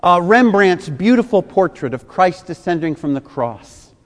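Pastor in his fifties, somewhat high-pitched male voice, emphatic sermon delivery in a long-reverb hall. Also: very animated, measured pace. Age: 50s. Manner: emphatic preaching with repeated rhetorical questions.

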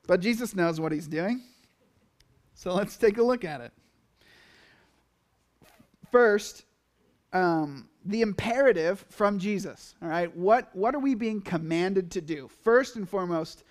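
A man preaching a sermon to his congregation in a conversational, animated way, acting out little asides and quoted reactions. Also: high-pitched, unhurried, pauses often. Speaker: pastor.

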